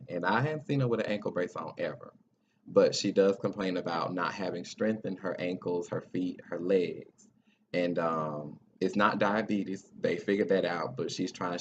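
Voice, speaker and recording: A man hosting a talk show, speaking in an earnest, encouraging, almost preacherly way with casual grammar. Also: low-pitched. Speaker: podcast host. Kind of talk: heartfelt talk show monologue. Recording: dull lo-fi sound with faint noise.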